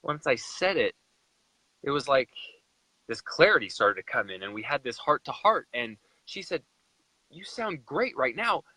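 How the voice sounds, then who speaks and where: A man's voice: mid-range voice, very animated, normal speed, bright, forceful tone, no echo, rough recording. A young man from Utah, a guest in a live chat, retelling a personal story with emotion and animation.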